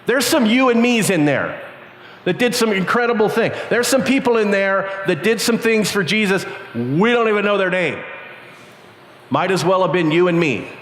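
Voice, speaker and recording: Older man preaching in a big echoing hall. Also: moderate pace. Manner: animated, acts out characters with squeaky high voices. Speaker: camp speaker. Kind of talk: storytelling sermon to youth. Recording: long reverb, faint background noise.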